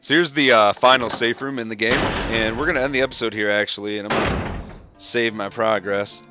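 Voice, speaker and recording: Male gameplay commentator, casual and self-deprecating, lower pitch, music bed under the voice. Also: fairly even intonation, brisk. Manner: chatty, self-mocking, swears when startled. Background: game music.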